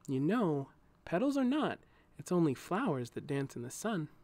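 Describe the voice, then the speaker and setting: A man voicing a shy, tender female thorny plant in an audio storybook, speaking in a gentle, soft, pleading way. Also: fairly high pitch, very animated, normal speed, no echo, voice pushed up. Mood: coaxing.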